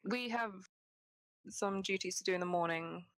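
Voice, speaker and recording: A woman voicing a caring, practical motherly character in a tabletop game, speaking calmly and matter-of-factly. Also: fairly low pitch, moderate pace.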